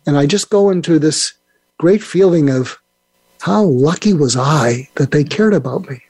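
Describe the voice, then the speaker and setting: A man's voice: a little high, a little slow, a little mellow, slightly rough, no echo. An older man speaking as a guest on a podcast interview, rambling and restarting his sentences often. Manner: rambling, with many restarts and fillers. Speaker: guest expert.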